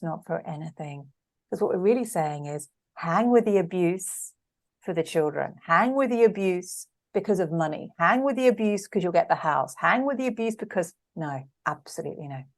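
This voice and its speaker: A woman with a slightly low voice speaks as a coach in a relaxed podcast conversation. She is earnest and emphatic and hammers her points home by repeating words. Her delivery stays conversational and direct. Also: normal speed. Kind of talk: casual podcast interview.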